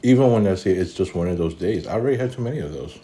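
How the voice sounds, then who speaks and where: A man's voice: deep voice, expressive, racing, warm tone. A man talking casually in a vlog, weary and rambling, with many fillers and restarts, and eating between sentences. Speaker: vlogger.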